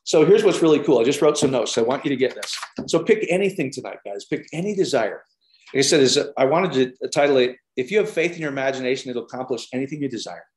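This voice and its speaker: A man preaching an informal sermon, telling stories in an animated way with lots of fillers. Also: medium pitch, fast talker. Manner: animated storytelling with many fillers. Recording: roomy echo.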